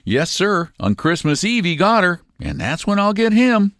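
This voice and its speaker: A man's voice: high-pitched, sing-song, normal speed, dry recording, clean studio sound, pitched above the performer's own voice. A man voicing a cold-blooded young male outlaw who speaks in a mild drawl, in a storybook reading. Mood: grim, brooding. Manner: soft drawling menace.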